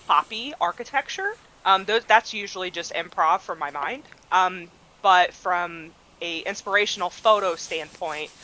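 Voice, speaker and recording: A woman's voice: on the low side, pushed and bright, rough recording. A woman guest in a casual interview, explaining her process in a thoughtful, easygoing, self-deprecating way. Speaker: guest designer.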